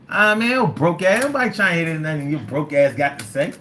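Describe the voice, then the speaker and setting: A livestream host reading chat comments and rambling, animated and profane, with many restarts. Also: mid-range voice, a little fast, hardly any pauses. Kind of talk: casual livestream talk.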